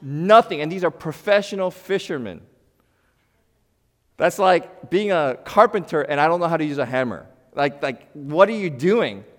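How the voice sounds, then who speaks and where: A male pastor giving a sermon in an animated, conversational way, swinging from loud bursts to quiet asides with playful humor. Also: on the high side. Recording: long hall reverb.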